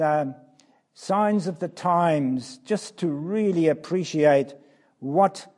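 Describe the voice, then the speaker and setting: A man preaching a sermon, reading scripture aloud, building to emphatic passages and dropping to hushed tones. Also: fairly high pitch. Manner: drops to soft, hushed tones on key phrases.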